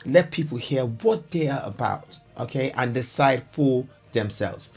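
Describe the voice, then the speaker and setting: A man hosts his own commentary vlog, talking in a mid-pitched voice. He is chatty and excitable, cracks jokes and talks straight to the viewers. Soft music plays faintly behind him. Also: a little slow, husky. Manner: excitable, jokey, chatty, addresses viewers as guys. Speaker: commentary vlogger. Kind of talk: casual comedic commentary.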